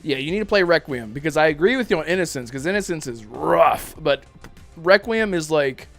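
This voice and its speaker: An excitable man chatting casually on a gaming podcast stream, his voice bouncing a lot in pitch. He gushes over small donations with mock grandeur. Faint background music plays. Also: brisk. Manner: excitable, exaggerated super chat thank-yous. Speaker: podcast host. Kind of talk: casual gaming chat, livestream.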